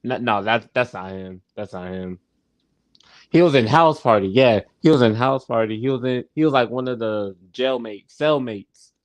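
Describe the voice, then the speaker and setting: A man's voice: medium pitch, normal speed, no room sound. A man hosting a live stream, casually recapping a sitcom episode, often laughing and restarting his phrases. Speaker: show host and TV reviewer.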